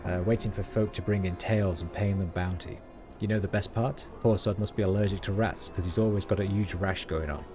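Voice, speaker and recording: A man's voice: fairly low pitch, unhurried, music in the background, close to an everyday voice. A man voicing a chatty, superstitious male rat catcher, reading slangy street talk aloud with small stumbles. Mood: gossipy.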